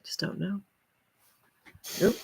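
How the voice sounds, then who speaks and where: An older woman hosting a livestream, chatting casually with viewers and breaking into folksy exclamations. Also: takes it slowly. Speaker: livestream host.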